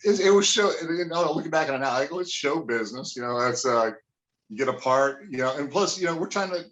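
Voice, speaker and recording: A man's voice: fairly high pitch, animated, fairly quick, fairly bright tone. Former wrestler, male, casual guest interview, profane and rambling, muffled lo-fi audio. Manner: profane, rambling, lots of fillers. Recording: dull lo-fi sound.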